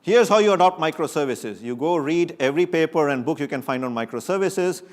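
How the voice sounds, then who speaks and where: A man giving a technical conference talk to an audience, lively and joking, often rising sharply for emphasis. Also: fairly high pitch, brisk. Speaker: conference speaker. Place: conference stage before an audience.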